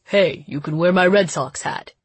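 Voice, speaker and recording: A woman reading an audiobook, voicing a calm, gentle middle-aged father in a soft, measured, reassuring tone. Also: fairly low pitch, husky, dry recording. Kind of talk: audiobook character voice.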